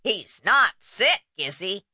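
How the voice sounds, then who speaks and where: A woman's voice: fairly high pitch, sing-song, measured pace, pushed and bright, no echo, clean studio sound, voice pushed up, full character voice. A woman voicing an anxious blind man who hollers down a phone line, worried and urgent.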